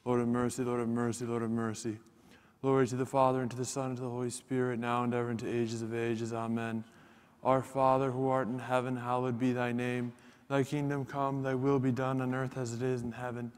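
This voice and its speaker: A man chanting psalms at a church liturgy in a steady, unwavering monotone. His voice is smooth and resonant at a middle pitch. The long reverb of the church hangs after every phrase. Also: brisk.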